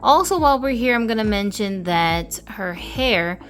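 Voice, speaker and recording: A woman's voice: mid-range voice, expressive, normal speed. A woman hosting a doll review vlog, talking playfully with sassy, slangy jokes.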